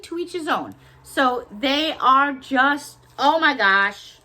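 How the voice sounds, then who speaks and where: A woman's voice: high-pitched, animated, takes it slowly, bright, forceful tone. A woman from the Chicago area chatting casually through a shopping haul vlog, gushing and playful, close to the camera. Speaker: haul vlogger.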